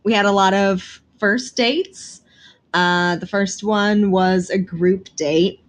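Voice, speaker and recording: A woman's voice: mid-range voice, fairly even intonation, takes it slowly. A woman co-hosting a casual podcast, chatting in a playful, teasing way and laughing easily. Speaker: podcast co-host.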